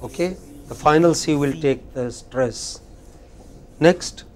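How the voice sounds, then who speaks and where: A man's voice: a little high, a little mellow, slight background noise. A man with an Indian English accent leads a pronunciation drill in a university classroom. He is demanding and exacting, and he corrects each slip and drags the word out so the class can echo it back. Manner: demanding, corrects and repeats words slowly.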